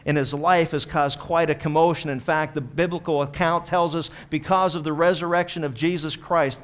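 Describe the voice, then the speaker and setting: A man from Pittsburgh, a pastor, telling a story in a chatty sermon full of "you know" asides. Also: on the high side.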